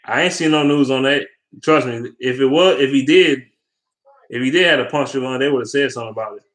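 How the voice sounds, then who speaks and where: A man's voice: medium pitch, brisk, fairly bright tone. A young man in a casual, heated sports rant, swearing a lot and rambling between points. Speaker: sports fan vlogger.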